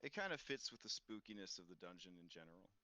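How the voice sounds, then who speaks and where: A man running a tabletop game as game master, explaining rules in a relaxed way with many fillers. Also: sits low, fast talker, dry recording.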